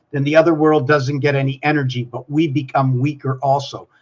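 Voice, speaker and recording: A man's voice: a little high, highs cut off. A man hosting his own vlog, musing aloud in a wandering, free-associating way and talking to himself and the camera. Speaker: channel host. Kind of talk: rambling solo vlog musings.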